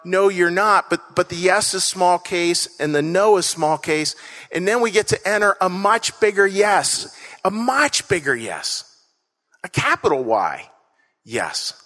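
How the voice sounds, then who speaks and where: Speaking in a somewhat high, slightly bright voice, a pastor preaches earnestly before his congregation on a church stage. The reverberant hall carries his repeated key lines and the call-and-response he leads.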